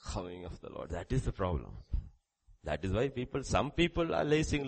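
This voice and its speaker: A man preaching a sermon, reading scripture aloud, with sudden loud rises and quiet drops. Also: medium pitch, very animated, normal speed, gravelly, husky, poor audio. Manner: reads scripture aloud with emphasis.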